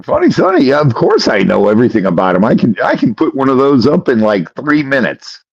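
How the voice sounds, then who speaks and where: A man's voice: mid-range voice, wildly swooping pitch, a little fast, vocal fry, husky, dry recording, lo-fi sound. A man co-hosting a casual podcast, telling a funny story and acting out both sides of the conversation. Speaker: podcast co-host.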